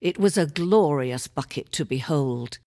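An actor playing a wry, omniscient male game narrator, speaking in measured, mock-grave tones. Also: a little high, animated, a little mellow, dry recording, clean studio sound. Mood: mock-solemn.

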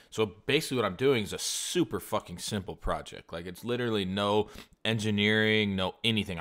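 A man's voice: lowish voice, fairly bright tone. A man co-hosting a comedy podcast, telling a story in a profane, ranting way. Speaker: podcast co-host. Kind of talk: casual comedy podcast chat.

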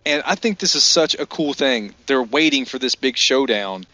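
A man's voice: mid-range voice, expressive, normal speed, pushed and bright, dry recording. A man co-hosting a casual movie-review podcast who retells scenes and acts out the lines. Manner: retells scenes with acted-out quotes. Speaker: podcast co-host.

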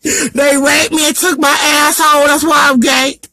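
A man playing a self-pitying gay man who wails, cries and shouts melodramatically in a live-stream comedy bit. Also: extremely high pitch, flat delivery, normal speed, gravelly, heavily acted, rough recording. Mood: wailing. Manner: wailing, crying, melodramatic shouting.

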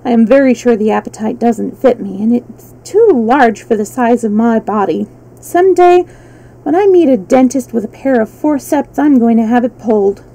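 A woman's voice: on the high side, normal speed, creaky, warm tone, low-quality recording. A woman voicing a big, always-hungry male tiger who pleads politely and sadly in a storybook reading. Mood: mournful.

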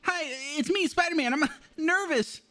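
A man doing a mocking impression of a nervous young male superhero in a high, giggly falsetto. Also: normal speed, sharp tone.

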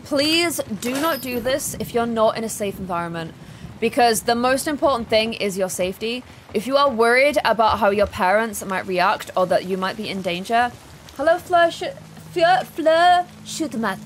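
A woman's voice: fairly high pitch, normal speed, a little hiss or hum. A woman streaming a game live, chatting casually, reading in-game notes aloud and greeting viewers in chat. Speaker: gaming streamer.

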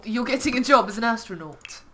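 A woman playing Ciel, a bossy young boy earl, in cosplay role-play over a video game. She teases dryly and breaks into laughing shouts. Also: a little high, animated, fairly quick, slight background noise. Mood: haughty. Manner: bossy, dry teasing, bursts into laughing shouts. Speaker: gaming channel host. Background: game music.

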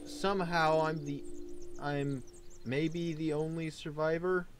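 A man giving playful, jokey let's play commentary with sudden excited shouts. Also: a little high, slow pace, soft background music. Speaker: gaming channel host.

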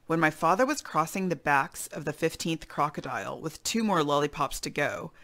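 A woman reading a children's chapter book aloud in an expressive storytelling style. Her voice is low and gravelly with vocal fry. She breaks off now and then for chatty asides to her young listeners. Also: normal speed. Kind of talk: read-aloud storytelling for kids.

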